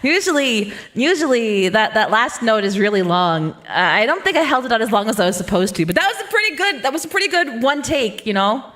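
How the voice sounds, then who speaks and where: A woman's voice: fairly high pitch, big pitch swings, a little fast, few pauses, fairly bright tone. A young woman streaming live, chatting casually and giggling with her chat between songs. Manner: bubbly, giggly, talks to chat. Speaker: VTuber streamer.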